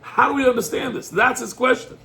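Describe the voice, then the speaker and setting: High, gravelly-voiced rabbi teaching a class. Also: male voice, a little fast. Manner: animated storyteller, acts out dialogue, rhetorical questions. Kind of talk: lively Torah class, mixing English with Hebrew quotes.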